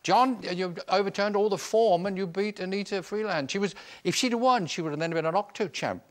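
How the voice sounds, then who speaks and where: A man's voice: high-pitched, fairly quick. A man hosting a TV game show in a studio, joking and teasing guests in a chatty, jovial way. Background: studio audience.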